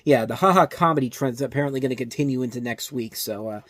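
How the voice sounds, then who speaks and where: A man's voice: medium pitch, fast, no echo. A man hosting a movie review show, ranting with exasperation and often restarting his sentences. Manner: animated ranting, exasperated, self-interrupting. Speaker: film review show host. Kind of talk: casual movie review monologue.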